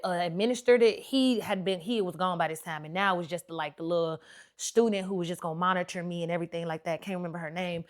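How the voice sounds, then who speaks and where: Animated woman telling a personal story. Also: mid-range voice. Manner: animated, chatty retelling with lots of quoted dialogue; informal, slangy speech. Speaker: podcast host.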